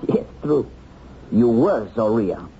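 A pursuer who taunts his captured enemy and chuckles as he talks. His voice is lively in pitch and dark in tone. The old television soundtrack is dull and carries faint hiss. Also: takes it slowly. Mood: taunting. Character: male hunter of a war criminal, mocking then torn.

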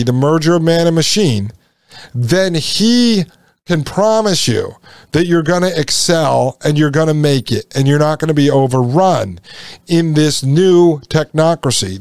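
Male solo show host, insistent and repetitive, somewhat high pitch, dead-dry mic. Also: no room sound. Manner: emphatic, repetitive, addresses listeners as folks. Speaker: podcast host.

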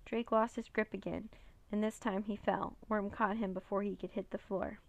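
Gravelly-voiced woman reading a storybook. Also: mid-range voice, moderate pace, no echo. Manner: steady, plain reading. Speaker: narrator. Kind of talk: storybook read-aloud.

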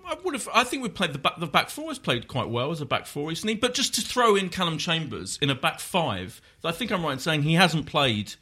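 A man hosting a casual football podcast, animated and opinionated, with quick asides. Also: fairly high pitch, husky. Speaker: podcast host.

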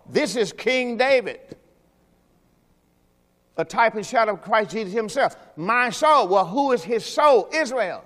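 A man preaching a sermon as pastor. He talks emphatically, asks the congregation questions, and drops into low quiet asides. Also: expressive, unhurried. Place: church sanctuary. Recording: long hall reverb from a church service.

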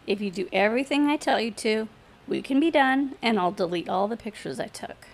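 A woman's voice: fairly high pitch, lively intonation, a little fast. A woman playing a taunting, bossy bartender. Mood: commanding. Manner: taunting, commanding.

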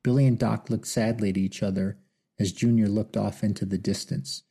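A man narrating an audiobook in a measured, somber storytelling manner. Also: fairly low pitch, fairly even intonation, vocal fry, dark tone, breathy edge. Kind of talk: scripted narration.

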